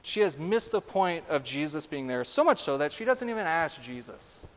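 Male pastor, high-pitched, lively sermon delivery, echoing sanctuary. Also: moderate pace. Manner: animated, asks the congregation direct questions. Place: church sanctuary. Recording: long church reverb.

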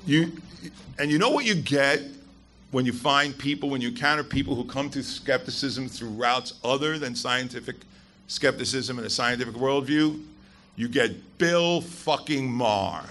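Male guest speaker at a live event: bright, punchy voice, blunt and emphatic, swears freely. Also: medium pitch, normal speed, slight background noise. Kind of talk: live public talk to an audience. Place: event hall with a live audience.

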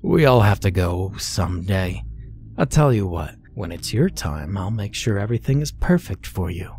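A tender, dying old grandmother, as a male narrator puts her on, speaking softly and soothingly in a spoken horror story. The voice sits low and mellow. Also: big pitch swings, moderate pace, slight background noise.

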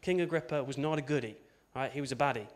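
A man's voice: medium pitch, fast. Chatty man preaching a sermon. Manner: conversational, chatty, with asides and tag questions. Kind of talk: informal sermon.

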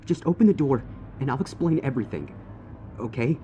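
A man's voice: mid-range voice, lively intonation, brisk, warm tone, faint music behind, pitched above the performer's own voice, close to an everyday voice. A man voicing a monster that pretends to be a young stallion boyfriend and talks in a coaxing, pleading way. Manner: pleading, then threatening.

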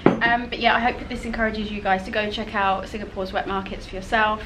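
A woman's voice: mid-range voice, little pitch movement, fairly quick, heavy background noise. A woman hosting a travel vlog, chatting enthusiastically while tasting food at home. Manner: bubbly, enthusiastic. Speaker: vlog host. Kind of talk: casual vlog chat. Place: at home, seated at a dining table. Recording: clattering dishes in background.

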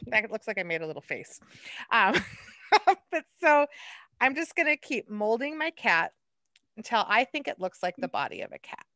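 A woman art docent leading a hands-on clay lesson, chatty and quick to laugh at herself. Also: fairly high pitch, big pitch swings, pushed and bright, dry recording.

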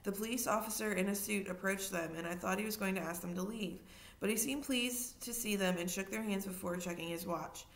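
A woman reading a children's novel aloud in steady narration, now and then adding a short aside to her listeners. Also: medium pitch, a little fast. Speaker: reader.

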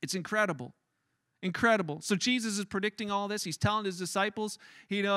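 A man preaching in an animated, conversational way, acting out scenes as he goes. His voice is high and bright, and it sounds close and dry with almost no room echo. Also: quick pace. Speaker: pastor. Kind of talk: sermon. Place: church.

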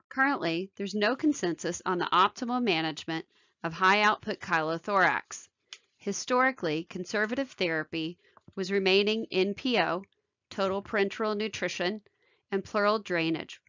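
A woman surgeon giving a medical video lecture in a measured, technical way. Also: medium pitch, fairly bright tone, dry recording, dull audio. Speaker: thoracic surgeon.

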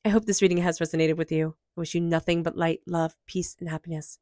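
Woman, tarot reader, low voice, earnest, soothing affirmations. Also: steady tone, fast, a little mellow, no echo, studio quality. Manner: earnest, emphatic, soothing delivery with repeated affirmations. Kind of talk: intuitive tarot reading.

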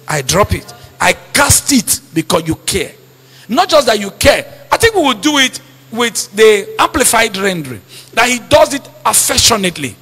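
A man preaches in a high, lively voice that swings up and down, bright and husky at once. He keeps repeating his key lines and quizzing the congregation on them. His voice rings with long reverb through a church hall. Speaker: pastor. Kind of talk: sermon.

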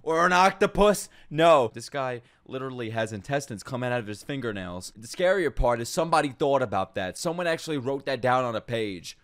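A man reacting to an anime with a lively voice that swoops up and down, forceful and bright. He bursts out in loud, cursing exclamations and laughs, while faint soundtrack music plays behind him. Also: mid-range voice, brisk, few pauses. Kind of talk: excitable reaction commentary.

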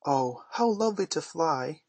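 A man's voice: a little high, expressive, a little slow, a little mellow, dry recording, pitched above the performer's own voice. A man reading aloud voices an eager, motherly young girl with breathless, pleading exclamations. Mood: excited.

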